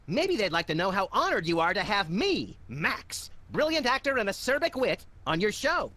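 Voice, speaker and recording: A man's voice: high-pitched, wildly swooping pitch, normal speed, bright, forceful tone, dry recording, heavily acted. A man voicing a hyper, gleeful, sarcastic little creature in a video game, trading quips. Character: manic wisecracking small rabbit-like creature.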